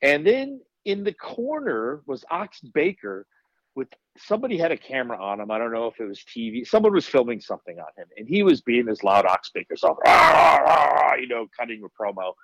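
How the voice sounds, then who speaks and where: A man's voice: medium pitch, a little fast, no echo, poor audio. Profane storytelling man, dry sound. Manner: candid, profane, animated storyteller. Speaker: wrestler guest. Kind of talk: casual storytelling.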